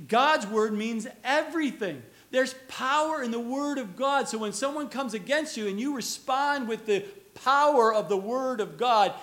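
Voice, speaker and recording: Male preacher, very high pitch, earnest conversational sermon with rhetorical questions. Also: a bit bright.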